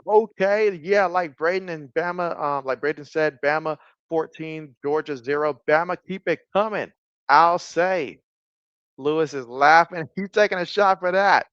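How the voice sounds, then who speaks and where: A man calls a college football game live from his desk and chats with viewers between plays, his voice sitting a little high and getting excited on the big moments. The sound is slightly muffled and lo-fi, dry and close with no room around it. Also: smooth, dry recording. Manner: chatty, reads viewer comments aloud, bursts of excitement on plays. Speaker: sports streamer doing play-by-play and chat. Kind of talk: casual live-stream commentary.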